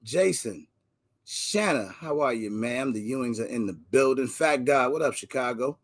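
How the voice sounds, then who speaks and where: A man hosting a casual livestream, giving energetic slangy shout-outs to viewers by name. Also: medium pitch, normal speed. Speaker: livestream host.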